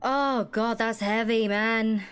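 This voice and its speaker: Woman streamer, very high voice, unhurried, emotional and swearing, faint game music behind. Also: steady tone, smooth. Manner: emotional, swearing, laughing through tears. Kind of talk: live game commentary.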